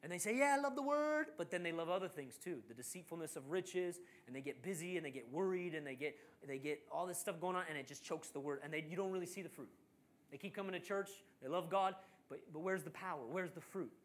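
Preaching a sermon, a man with a voice on the high side talks fast, bringing a Bible story to life with animated delivery and performing the voices of the people in it.

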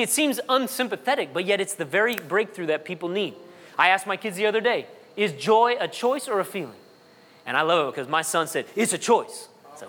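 A pastor delivers an animated sermon in a high voice that swings sharply between loud peaks and low asides. A large church hall lends it a long reverb.

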